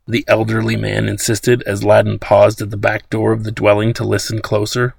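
Creaky-voiced male audiobook narrator. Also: on the low side, monotone, normal speed, few pauses, darkish tone, dry recording.

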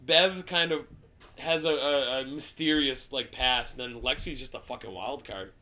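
A man's voice: mid-range voice, moderate pace, pushed and bright. A man chatting casually and profanely about a movie with friends, rambling with lots of fillers.

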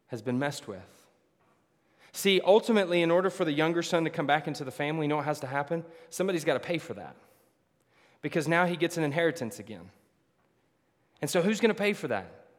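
Pastor type, man with a slightly high voice, dynamic loud-to-soft delivery, sermon in a church with long reverb. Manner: dynamic preaching, swinging from loud to hushed.

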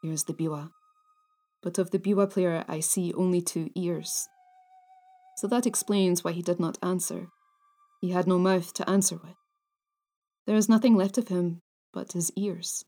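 A woman voicing a grim male ghost warrior with a deep, gruff voice that mutters low. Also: steady tone, a little slow, pauses often, warm tone, soft background music. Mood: gruff muttering.

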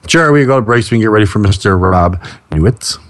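A man's voice: fairly low pitch, animated, quick pace. A man hosting a radio talk show, joking and playful with his co-host and guest. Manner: jokey, playful, laughs often. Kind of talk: casual radio interview.

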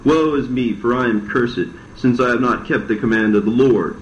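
A man's voice: mid-range voice, normal speed, slight background noise, natural voice. A man voicing a grieving, remorseful first woman in a storybook reading, pleading, in a roomy, dull recording.

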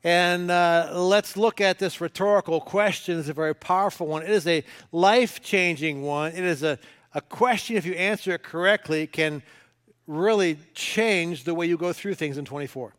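A man's voice: a little high, normal speed, fairly bright tone. A male pastor preaching a sermon, talking casually and coaxing the congregation to read scripture aloud with him. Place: church sanctuary. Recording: long hall reverb.

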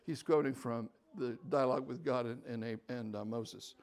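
This older man, a guest speaker, gives a storytelling talk drawn from his life, pausing rarely. His pitch is medium and his speed normal, and he stays lively, shifting from low asides to loud, animated bursts.

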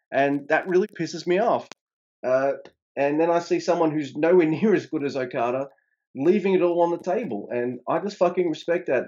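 A man co-hosting a casual podcast, talking in an animated, profane way, his voice jumping up when he makes a point. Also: dull audio. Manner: animated, swearing, pitch jumps up when emphatic. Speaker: podcast co-host reviewing wrestling.

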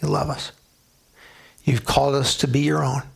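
A man's voice: medium pitch, flat delivery, normal speed, gravelly, slightly rough. A man preaching a sermon as a pastor, emphatic, asking the listeners rhetorical questions and answering them.

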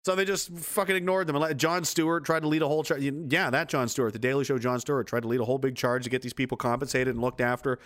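A man's voice: medium pitch, steady tone, fast talker, few pauses, fairly bright tone. A man giving angry, profane, sarcastic political commentary.

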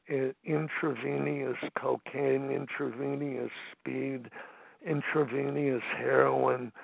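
A man in his seventies telling his recovery story at a phone meeting, halting, with many fillers and restarts. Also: mid-range voice, vocal fry, husky, no room sound. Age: 70s. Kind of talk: personal testimony at a phone meeting. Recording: tinny phone line, dry.

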